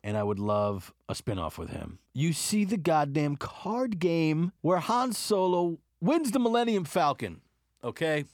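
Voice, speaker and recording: Animated, profane man reviewing a movie. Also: on the high side, unhurried, dry recording, clean studio sound. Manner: excitable, profane, rambling. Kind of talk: casual movie review chat.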